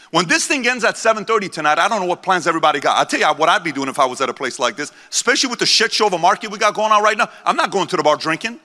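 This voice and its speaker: Man, 40s, live motivational speaker, slightly high voice, forceful, repeats himself, big echoing hall. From born in Iran, raised in the United States. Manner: intense, preachy, repeats lines for emphasis. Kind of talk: live motivational speech to a crowd. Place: large convention center hall. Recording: long hall reverb from a large venue.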